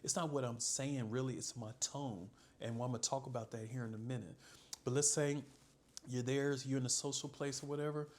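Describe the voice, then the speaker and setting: A man's voice: medium pitch, fairly even intonation, brisk, darkish tone. A man giving casual dating advice as a coach, laid-back and calling the listener bro.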